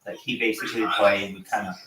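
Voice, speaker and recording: A man's voice: on the low side, flat delivery, very fast, distant mic, a crowd in the background. Profane man rambling off-mic in an echoey room. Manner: loose and profane, lots of fillers. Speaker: livestream host. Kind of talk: casual rambling chat. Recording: echoey room, from off-mic, faint background noise.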